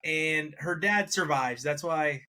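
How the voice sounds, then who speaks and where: Bright, animated male podcast co-host. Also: a little high, slow pace. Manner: animated, laughs often, mocks accents in quotes. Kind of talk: casual review chat.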